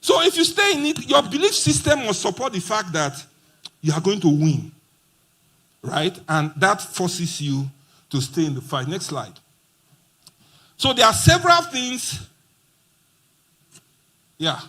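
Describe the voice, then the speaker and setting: A man's voice: high voice, sing-song, normal speed, fairly bright tone, breathy edge. A man giving a playful motivational talk at a conference, acting out quoted dialogue. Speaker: conference speaker. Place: conference hall.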